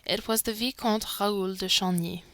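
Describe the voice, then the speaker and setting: Woman, audiobook narrator, steady expressive reading, dry close sound. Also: mid-range voice, measured pace, dry recording.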